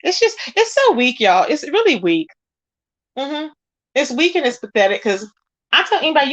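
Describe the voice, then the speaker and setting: A woman's voice: normal speed, no room sound. Woman gossiping on her stream, reads chat, dry close mic. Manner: animated, quotes people with rising pitch. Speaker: livestream host. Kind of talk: casual livestream chat.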